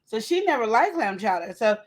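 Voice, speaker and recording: A woman co-hosting a relationship talk show, telling stories in a lively way and acting out quotes and sound effects. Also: fairly high pitch, brisk. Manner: animated storytelling, acts out quotes and sound effects. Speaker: podcast co-host. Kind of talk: casual chat.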